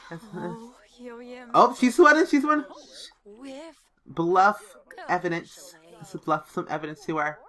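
A let's play host casually comments on a life-simulation game as she plays, reading options aloud and playfully voicing the characters. Her lowish voice is very animated and fairly bright, a little slow, with long pauses.

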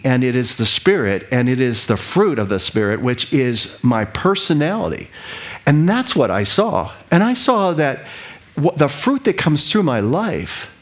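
A middle-aged man preaching in a loose, conversational style. His voice sits at an ordinary pitch, and he often repeats a phrase before moving on. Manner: conversational, repeats himself, quick asides and laughs. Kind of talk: sermon teaching.

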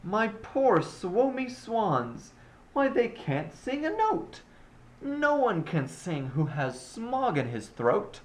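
A man voicing a grumpy old male forest creature from a storybook, croaking as he scolds and pleads. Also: high voice, sing-song, slow pace, pitched above the performer's own voice, heavily acted. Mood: scolding. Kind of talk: storybook character voice.

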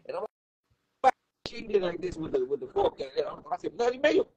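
A man's voice: a little fast, crowd noise. A man with a DC-area accent, telling a funny story on a livestream in casual slang and swearing, acting out the people he quotes. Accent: Washington DC area. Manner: animated, swearing, acts out quotes in high voices.

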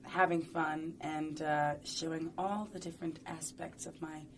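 A woman's voice: low voice, steady tone, unhurried, noisy background. A woman talking casually and playfully in an interview, rambling and chatty with lots of fillers.

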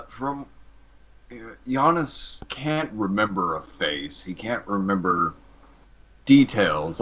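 A man running a tabletop role-playing game as game master, narrating in a relaxed way with hesitant fillers. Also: fairly low pitch, dull audio.

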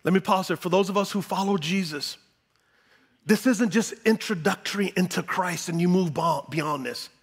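A male pastor preaching a sermon with great energy, repeating words for emphasis and swinging between loud exclamations and hushed tones. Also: sits high, normal speed, husky, big-room sound.

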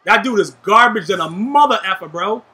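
A young man giving live gameplay commentary, trash-talking and shouting at his teammates in a hyped way. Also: high-pitched, lively intonation, a little fast. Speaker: gaming YouTuber.

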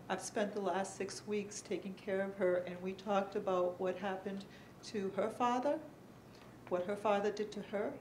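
A middle-aged woman speaks earnestly on a conference panel, pausing often and filling gaps with soft ums. Her voice sits at an ordinary middle pitch. It carries through a roomy, echoing hall over a faint background noise. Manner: earnest, halting, with many pauses and fillers. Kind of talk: personal testimony at a panel. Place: conference room.

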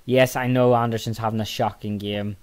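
A tired, yawning man commentating casually on his own football management game, muttering low between excitable outbursts. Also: a little fast, clear, resonant tone. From Northern Ireland. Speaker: gaming channel host.

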